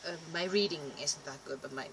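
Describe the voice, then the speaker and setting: Rambling woman vlogger, lowish voice. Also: a little fast, gravelly, background noise. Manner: chatty, rambling, self-deprecating, trails off and restarts. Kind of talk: rambling casual vlog.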